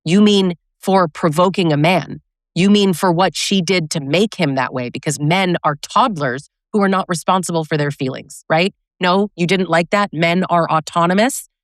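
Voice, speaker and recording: A woman's voice: lowish voice, moderate pace, no room sound, studio quality. A woman relationship coach giving blunt, sarcastic advice, acting out quoted lines as she talks. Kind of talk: direct-to-camera advice talk.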